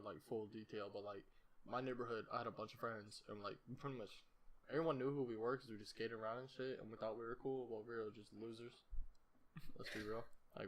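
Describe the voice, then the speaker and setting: A man's voice: on the low side, fairly bright tone. A young man hosting a podcast, telling a story in a rambling, profane, casual way and laughing at himself. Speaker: podcast host.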